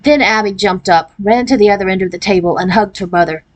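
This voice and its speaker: A woman reading a children's chapter book aloud. Her narration is clear and steady, at a middle pitch for a woman. She tells the story plainly between the character voices. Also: fast. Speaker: reader.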